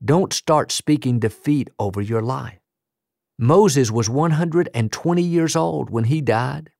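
A man's voice: medium pitch, expressive, measured pace, gravelly, mellow, no room sound, clean studio sound. A man preaching a sermon as pastor, emphatic and building rhythmic lists of declarations.

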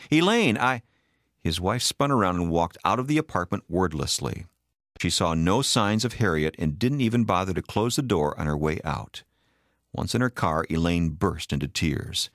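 A man reading a story aloud as an expressive audiobook narrator. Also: low voice, no room sound, clean studio sound.

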